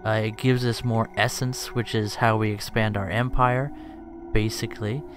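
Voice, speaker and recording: This let's play streamer has a lowish, steady voice at a moderate pace as he plays a strategy game to background game music. He thinks aloud with casual jokes, often at his own expense.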